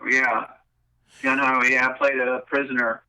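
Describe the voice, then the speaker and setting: A man's voice: mid-range voice, flat delivery, moderate pace, bright, forceful tone, clean tone, no echo, rough recording. A man appearing as a guest on a talk show, chatting easily and laughing along with the host. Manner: easygoing, laughs along, short replies. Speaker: guest actor. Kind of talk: casual chat.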